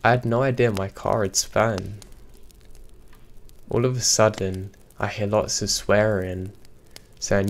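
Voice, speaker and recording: A man reading true scary stories aloud in a steady, even storytelling delivery. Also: lowish voice, slow, vocal fry, long pauses, slight background noise. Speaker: horror story narrator. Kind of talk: scripted narration.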